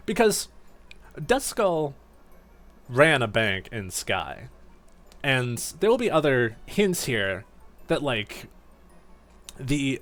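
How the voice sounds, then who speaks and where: A man giving casual, rambling commentary while streaming a game, laughing at himself. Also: mid-range voice. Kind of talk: casual let's-play commentary.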